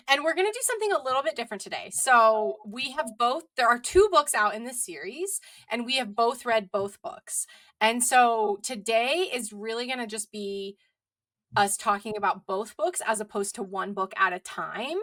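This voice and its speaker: Female book-podcast host, upbeat and chatty, bright and a touch high. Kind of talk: casual chat.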